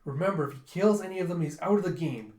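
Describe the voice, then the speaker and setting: A man's voice: high-pitched, quick pace, a little mellow, roomy sound. A man in a casual comic readthrough, retelling the story and acting out characters' lines. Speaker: book reviewer.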